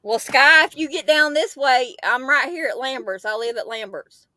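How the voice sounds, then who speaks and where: A woman's voice: high-pitched, moderate pace, sharp tone. A woman from southeast Georgia with a Southern accent, joking in a folksy way during a casual chat.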